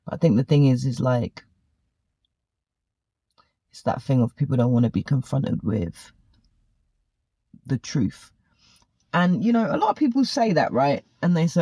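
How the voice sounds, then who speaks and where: A woman's voice: a bass voice, sing-song, moderate pace, long pauses, dark tone, husky, no room sound. A woman, vlogging a candid, profane story in a chatty way. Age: 40s. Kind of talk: casual storytelling monologue.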